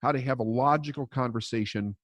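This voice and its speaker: A man's voice: mid-range voice, fairly quick, no echo, highs cut off. A man coaching on mindset in a podcast interview, telling a story in a blunt, emphatic way and swearing freely.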